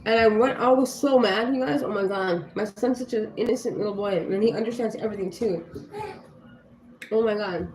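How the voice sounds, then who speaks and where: A livestreaming mom of young children speaks in a mid-range, darkish voice at a fairly quick pace. The talk is casual but heated and blunt, laced with swearing and constant "you know" and "like." The recording has an echoey room sound and faint ambient noise.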